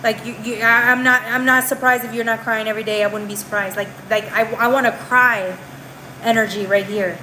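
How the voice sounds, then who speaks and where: A woman's voice: a little high, fairly even intonation, a little fast, bright, forceful tone, a little hiss or hum, low-quality recording. A woman giving a live tarot reading in a chatty, slangy way. She keeps tagging her lines with "right?" and often restarts or trails off mid-phrase. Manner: slangy, calls the viewer girl and bro. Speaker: tarot reader.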